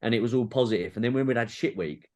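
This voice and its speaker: A man's voice: medium pitch, quick pace, a little mellow. A man in his thirties with a Geordie accent, a podcast guest telling rambling, self-deprecating anecdotes in casual chat.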